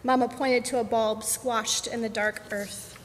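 A woman reading a picture book aloud to children at a worship service, gentle and unhurried. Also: a little high, steady tone. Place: church sanctuary. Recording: echoey sanctuary, faint hum.

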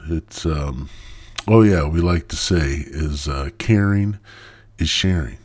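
A man's voice: very deep voice, slow pace, a little mellow. A stoned man hosting his own podcast in a crude, rambling monologue that loses its thread. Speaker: podcast host.

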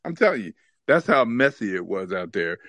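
An animated storytelling podcast host. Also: male voice, lowish voice, moderate pace, no echo. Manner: animated storyteller who laughs often. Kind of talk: casual chat and storytelling.

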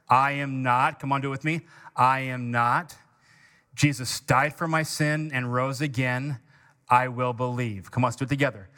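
In a church sanctuary, a pastor with a sharp, mid-range voice reads scripture slowly during his sermon, stressing each phrase. He leads the congregation in call-and-response.

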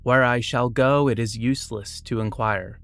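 A man's voice: mid-range voice, steady tone, normal speed, vocal fry, fairly bright tone, no room sound. Plain-voiced man reading aloud, dry sound. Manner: plain reading, breaks off for casual asides and self-corrections. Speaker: reader of quotes and biographies. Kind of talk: reading aloud with short asides.

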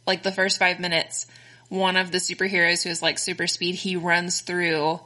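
A woman's voice: fairly low pitch, flat delivery, moderate pace, bright, forceful tone. A Texan woman co-hosting a casual chat, rambling along with lots of fillers and restarts. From Texas, United States. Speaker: podcast co-host.

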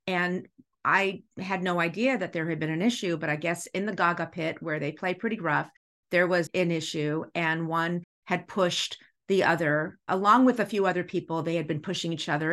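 Brief: middle-aged woman, lowish voice, school director telling a heartfelt classroom story, animated and emotional. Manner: animated, acts out dialogue while telling stories; emotional, laughs easily. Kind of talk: storytelling in a podcast interview.

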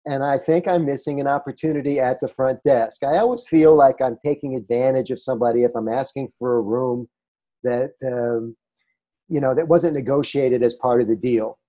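A man's voice: mid-range voice, moderate pace, mellow. A man hosting an interview, enthusiastic and jokey with his guest. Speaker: host. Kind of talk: conversational interview.

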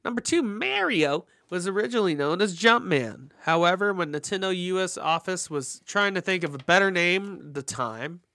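A man co-hosts a podcast and reads out trivia between jokes. His voice is bright and a little high, and the sound is dry and close. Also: expressive, dry recording. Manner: jokey, reads facts quickly. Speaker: podcast co-host. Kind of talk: casual chat, reading fun facts.

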